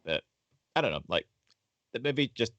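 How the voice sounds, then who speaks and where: A man's voice: mid-range voice, sing-song, moderate pace, fairly bright tone, no room sound, highs cut off. A man co-hosting a casual film podcast, rambling through his opinions with many fillers and swearing. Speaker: podcast co-host.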